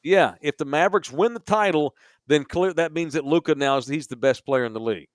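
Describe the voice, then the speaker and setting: A man's voice: fairly high pitch, a little fast, no echo. A man co-hosting a sports podcast from a bar studio, ranting emphatically with plenty of profanity. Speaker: podcast co-host. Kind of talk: casual sports podcast rant.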